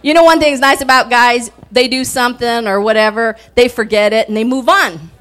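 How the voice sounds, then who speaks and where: A woman's voice: a little high, a little fast, fairly bright tone. A woman preaching a folksy sermon, telling stories and laughing often as she talks. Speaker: guest speaker.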